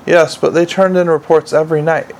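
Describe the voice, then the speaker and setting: A man's voice: on the high side, level tone, a little fast, darkish tone, lightly acted. A man voicing a weary, brusque middle-aged watch commander.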